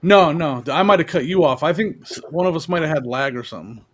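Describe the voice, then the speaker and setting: A man with a high voice talks excitedly in a casual chat, trading stories about deals. He is speaking over a video call. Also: quick pace. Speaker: reseller on a panel.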